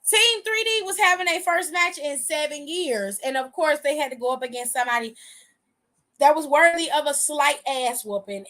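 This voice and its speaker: A woman's voice: sits high, pushed and bright. A woman hosting a casual wrestling recap, talking in a sassy, profane, slangy way.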